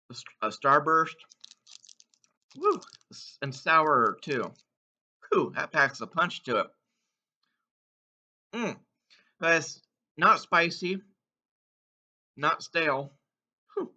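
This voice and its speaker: A man with a very bright, forceful, somewhat high voice talks slowly through a candy taste test, savoring each comment and breaking into whoops. The sound is dull and lo-fi. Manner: exuberant, whoops between bites, slow savoring remarks.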